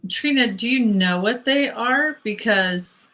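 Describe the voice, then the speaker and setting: A woman's voice: a little high, slow pace, pushed and bright, rough recording. A middle-aged woman co-hosting a live spiritual Q&A, chatting and calling on viewers' questions. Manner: chatty, runs the queue of questions. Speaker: co-host and intuitive reader.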